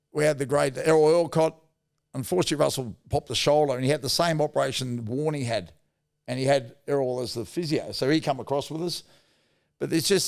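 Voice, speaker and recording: A man's voice: mid-range voice, gravelly. A middle-aged Australian man telling rambling, blokey anecdotes as a podcast guest, with mild swearing. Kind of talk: casual storytelling.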